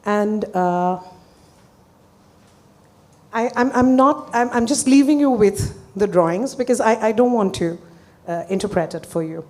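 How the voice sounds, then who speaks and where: A woman therapist presenting a client case to an audience, speaking earnestly and hesitantly, with pauses. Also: medium pitch, a little mellow.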